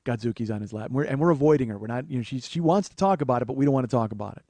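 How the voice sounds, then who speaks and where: A man's voice: mid-range voice, expressive, racing, warm tone, dry recording. Profane storytelling man, dry sound. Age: 40s. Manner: profane, rambling, bursts into rants. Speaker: comedy podcast host. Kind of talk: storytelling monologue.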